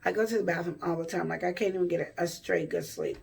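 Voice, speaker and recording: A woman's voice: lowish voice, huge pitch swings, fast talker, creaky, darkish tone, recorded from a distance, slight background noise. A woman vlogger telling a personal story to camera in a rambling, self-correcting way.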